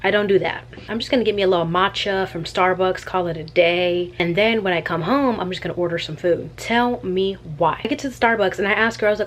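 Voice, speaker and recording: A young woman telling an animated, chatty travel story in a casual vlog. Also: fairly low pitch, a little fast, hardly any pauses, slight background noise. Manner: animated and chatty, with slangy asides. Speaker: vlogger.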